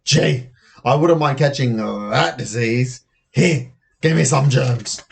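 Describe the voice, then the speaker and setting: A man's voice: mid-range voice, slow pace, vocal fry. Man reading as a pushy nosy schoolkid from a kids book, keeps pestering. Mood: pestering, suspicious.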